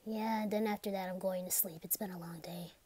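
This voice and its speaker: A woman performs a whispered role-play, talking to the listener in a soft, hesitant way. She often slips into a full whisper. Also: mid-range voice, steady tone, fairly quick.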